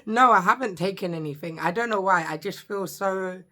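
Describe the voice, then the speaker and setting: Shouting at normal speed in a mid-range voice, a thirty-something social worker introduces her vlog channel with excited, chatty humor. She jokes that her voice sometimes gives out.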